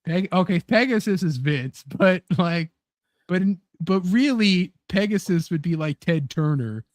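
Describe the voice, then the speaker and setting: A young man with a slightly raised pitch, joking and laughing as he riffs on a casual show. The recording is dry and close, with no room sound. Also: animated, a little slow, no room sound. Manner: joking, laughs often, puts on silly voices. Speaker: podcast host. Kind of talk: casual chat.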